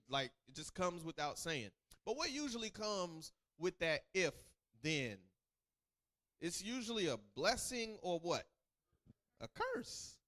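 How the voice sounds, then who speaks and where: Guy teaching a bible class, kinda high voice, bouncing all over the place, keeps quizzing the room. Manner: animated, call-and-response questions, acts out quotes. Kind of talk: sermon teaching.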